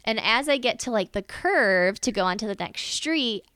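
A woman telling a personal story in a casual chat, animated and acting out what other people said. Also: a little high, normal speed, clean tone, no echo. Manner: animated, acts out the quoted voices of others.

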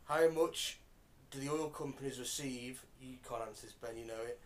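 A man's voice: mid-range voice, moderate pace. A man co-hosting a casual podcast chat, quizzing his friends with facts and laughing along. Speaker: podcast co-host. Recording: faint background noise.

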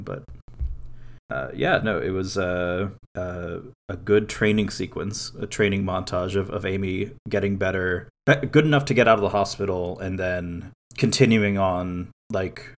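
Low-voiced rambling male podcast co-host. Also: normal speed. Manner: rambling, many fillers and restarts; quotes others in animated voices. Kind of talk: casual chat.

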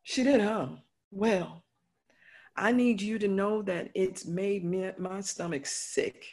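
A woman's voice: mid-range voice, slow pace, darkish tone. A woman playing a remorseful, motherly friend who confesses a wrong in earnest, heartfelt words in a stage play. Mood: confessing, earnest.

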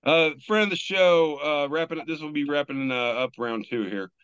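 A man's voice: a little high, moderate pace, a bit bright, smooth, no room sound, dull audio. A man hosting a casual podcast, reading memes aloud in a loose, joking way and swearing freely. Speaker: podcast host.

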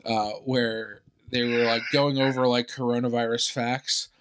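A man of middling pitch tells stories in a casual chat, cursing freely and throwing in quick asides. He speaks in an animated, offhand way. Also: clean tone.

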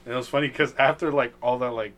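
A young man with an ordinary mid-range voice co-hosts a loose podcast. He speaks in a relaxed way, laughs often, and mumbles quietly at times. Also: quick pace. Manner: laid-back, drops to a low mumble, laughs often. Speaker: podcast co-host. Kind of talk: casual chat.

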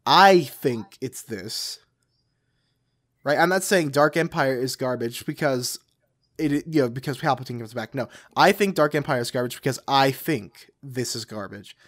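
A man's voice: mid-range voice, moderate pace, a bit bright. A man co-hosting a podcast in casual chat, talking emphatically, repeating his points and laughing often. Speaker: podcast co-host.

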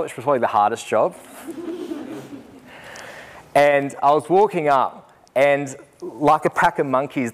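Brief: Australian male teacher, young adult, mid-pitched, lively speech-storyteller who acts out voices. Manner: animated, acts out quoted voices with humor. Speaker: teacher giving a talk.

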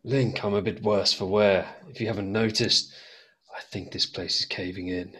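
A man voicing a weary adventurer monk in a tabletop game, gruff and urgent. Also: lowish voice, steady tone, normal speed, fairly bright tone.

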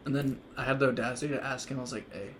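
A man's voice: mid-range voice, level tone, racing, a bit bright, a little hiss or hum. A young man telling a rambling story on a podcast, full of restarts and acted-out quotes, laughing often. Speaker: podcast guest. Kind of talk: casual storytelling among friends.

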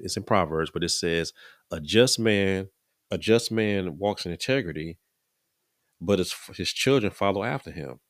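A man's voice: sits low, no room sound, studio quality. A middle-aged man, talking earnestly in a casual preaching style, often repeating and restarting his words. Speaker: podcast host.

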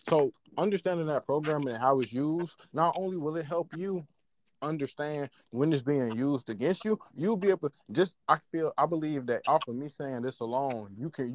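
A man in casual podcast chat, talking in an animated, slangy way and checking in with his listeners as he explains. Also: medium pitch, slight background noise. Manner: animated, slangy, often asks "you know what I'm saying". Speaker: podcast co-host.

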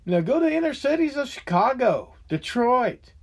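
A man tears through a profane political rant as the host of his own show. His voice sits high and leaps all over the place as the anger builds. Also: big pitch swings, moderate pace, vocal fry. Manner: heated, profane, ranting.

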